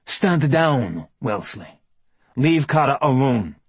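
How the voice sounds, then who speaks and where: A protective werewolf who gives orders with cool, firm authority, voiced by a man reading the story. The voice is low and husky. It is recorded close and dry. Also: fairly even intonation, slow pace, fairly bright tone, no echo, exaggerated voice. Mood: commanding.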